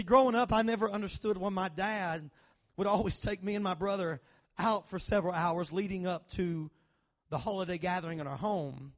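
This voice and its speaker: A male pastor preaching a conversational sermon in a church, often questioning the congregation and restarting his phrases. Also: high-pitched. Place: church sanctuary.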